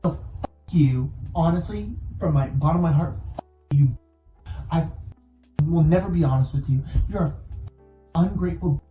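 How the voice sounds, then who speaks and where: A woman's voice: low-pitched, unhurried, pauses often, faint music behind. A woman ranting mockingly in a played clip, sarcastic and swearing, with exaggerated fake crying. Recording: distant, roomy, dull played-back clip.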